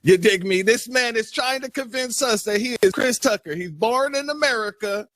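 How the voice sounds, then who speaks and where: A man co-hosting a live online debate, animated and mocking. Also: very high-pitched, normal speed, no room sound. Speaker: stream co-host. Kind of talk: heated live stream debate.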